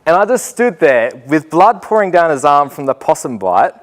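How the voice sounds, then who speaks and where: Animated man telling a story. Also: a little high, normal speed, faint music behind. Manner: animated storyteller, acts out voices. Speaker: teacher giving a talk. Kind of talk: storytelling conference talk.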